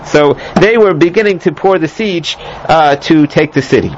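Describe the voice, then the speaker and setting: A man's voice: on the high side, moderate pace, a little hiss or hum. A man teaching a scripture lesson, rambling with many fillers, restarts and joking asides, in a dull lo-fi recording. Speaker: Bible teacher. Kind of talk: lecture on scripture.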